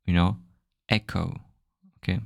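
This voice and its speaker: Man, French accent, very low voice, gravelly, dry close sound, halting podcast teaching. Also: fairly even intonation, no echo. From France. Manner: halting, repeats words, models sounds aloud. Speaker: language teacher podcast host. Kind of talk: casual podcast lesson.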